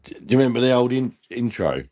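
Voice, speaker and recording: A man's voice: mid-range voice, very animated, fast talker, mellow. A man hosting a casual live stream, laughing often and bantering with viewers in the chat while he drinks.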